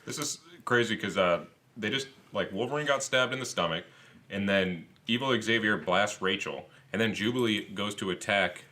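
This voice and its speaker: A man co-hosting a podcast, throwing in crude, deadpan wisecracks about comics. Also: lowish voice, moderate pace. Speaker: podcast co-host. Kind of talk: casual banter.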